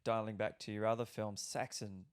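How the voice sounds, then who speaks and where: A young Australian actor talking casually on a podcast, rambling and swearing freely with lots of restarts. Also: male voice, on the low side, level tone, moderate pace, smooth.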